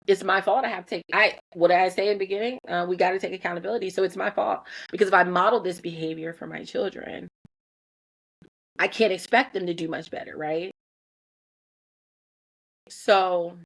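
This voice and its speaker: A woman in her thirties talks candidly about being a mother, her voice sitting at an everyday middle pitch. She is earnest and self-critical, openly admitting her own faults. Her speech is animated and full of restarts as she thinks aloud. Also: breathy edge. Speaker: mother sharing parenting reflections. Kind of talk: candid personal talk.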